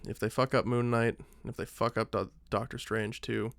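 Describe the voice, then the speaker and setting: A man of middle pitch chats casually as a podcast co-host. He is animated, peppers his speech with "like", and acts out his own reactions as quoted lines. The recording is dry and close. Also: moderate pace, creaky, no echo. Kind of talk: casual chat.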